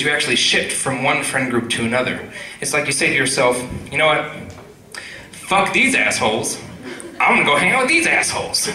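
A male comedian rambles through a crude stand-up set, his bright and forceful voice sitting a little high. He is recorded from some distance in an echoey room. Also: slight background noise. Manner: crude, rambling storytelling with many fillers.

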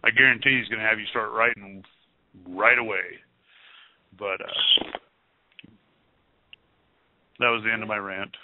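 A man on a call-in show, telling a religious testimony in a rambling, excited way with many restarts. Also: lowish voice, moderate pace, noisy background. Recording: tinny phone-line radio sound.

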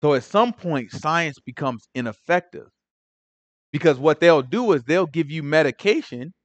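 A man leading a casual Bible study, animated and conversational, full of asides. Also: fairly high pitch, moderate pace, dry recording.

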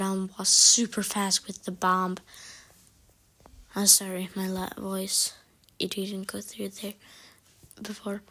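A woman commenting on a mobile game as she plays, thinking aloud, often dropping to whispers and breaking into excited exclamations. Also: mid-range voice, slow pace, pauses often, breathy edge, poor audio. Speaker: gamer. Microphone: phone mic.

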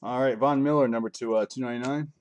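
A man's voice: medium pitch, fairly even intonation, quick pace, noisy background. A man hosting a live card break from home, rambling casually as he calls out each card he pulls. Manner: rambling and chatty, calling out cards as he opens packs. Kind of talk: casual live-stream commentary.

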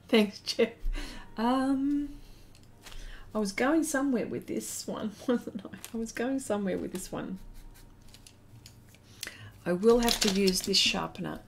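A woman's voice: a little high, takes it slowly, creaky, long pauses, slight background noise. An Australian woman hosting an art live stream, chatting casually and reading viewer comments aloud as she draws.

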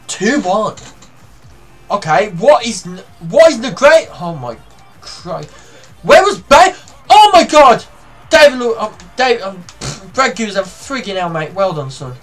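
A young man giving live commentary on his own football video game match, excitable, shouting and swearing at the play. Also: high voice, a little slow, soft background music. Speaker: gamer.

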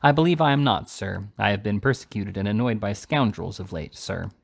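A proud, indignant elderly gentleman, as a male reader plays him, giving short, stiff replies. His voice stays curt and dignified. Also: lowish voice, a little fast, vocal fry, dry recording.

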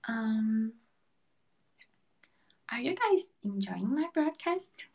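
A young woman from Brazil chatting softly with viewers on a live stream at night, often drifting into a whisper and filling gaps with ums. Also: medium pitch, creaky, slightly rough. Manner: slow, soft-spoken, with frequent ums and light laughs.

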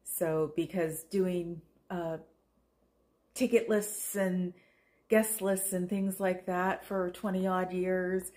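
A woman's voice: lowish voice, level tone, slow, darkish tone. A tired middle-aged woman from Oakland, California, chatting in a meandering, self-deprecating way for her vlog. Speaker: vlogger. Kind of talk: casual rambling chat.

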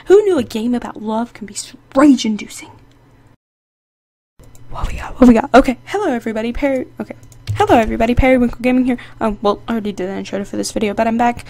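Chatty, excitable young-sounding woman gamer. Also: a little high, fast talker. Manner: chatty, excitable, playfully sassy. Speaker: gaming channel host. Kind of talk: casual gameplay commentary. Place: indoor home setup. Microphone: desk microphone.

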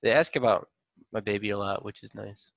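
Fast-talking gravelly young man. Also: on the low side, steady tone, slight background noise. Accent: American. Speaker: podcast co-host. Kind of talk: casual chat.

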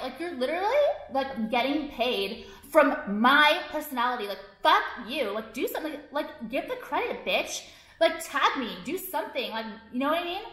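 A young woman rants to her viewers in a casual vlog, cursing and exasperated, her sentences full of fillers. Her voice sits a little high. The room around her adds a noticeable echo. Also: lively intonation, moderate pace, fairly bright tone. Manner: profane, exasperated, filler-heavy ranting. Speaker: vlogger. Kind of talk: casual ranting to camera. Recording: echoey room.

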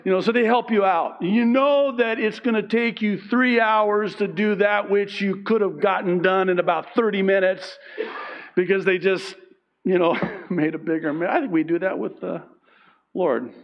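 A male pastor preaching a sermon in an animated, self-deprecating way, laughing often and acting out the people in his stories. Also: high-pitched, moderate pace, muffled recording.

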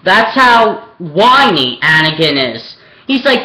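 Young vlogger, slow and rambling with lots of ums; recorded in a reverberant room. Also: medium pitch, sing-song, pushed and bright. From Pennsylvania, USA. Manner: rambling, hesitant, with many ums and restarts. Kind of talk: opinionated film rant. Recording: echoey room.

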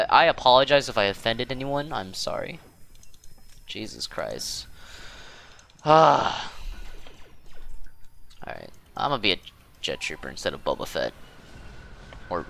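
A man's voice: fairly low pitch, big pitch swings, a little slow, vocal fry, long pauses, fairly bright tone, a little hiss or hum. A man hosting casual gameplay commentary, rambling and self-deprecating, with many fillers and restarts. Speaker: gaming channel host.

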